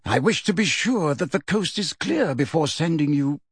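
Picture a wise old wizard headmaster, as a male audiobook reader puts him on, speaking with calm authority and careful courtesy. His voice sits fairly high and moves with lively rises and falls. The recording is dry and close. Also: normal speed, breathy edge, no echo. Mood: calm, urgent.

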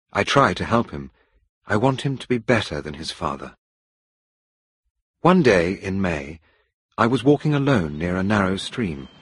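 A man reading a story aloud as scripted narration, steady and measured, close to the microphone. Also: deep voice, breathy edge, no room sound. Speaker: audiobook reader.

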